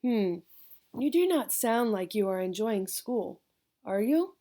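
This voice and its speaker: Lady reading as a sweet old grandma w/ thick spanish accent, soft mellow voice, audiobook. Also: fairly high pitch, expressive, slow pace. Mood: affectionate. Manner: gentle, affectionate, laughing.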